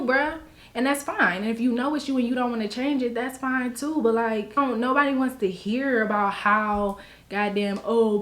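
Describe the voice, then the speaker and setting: A young woman making a vlog, ranting bluntly and with exasperation, swearing freely and mocking people in put-on quotes. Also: mid-range voice. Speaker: vlogger. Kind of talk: blunt casual vlog rant.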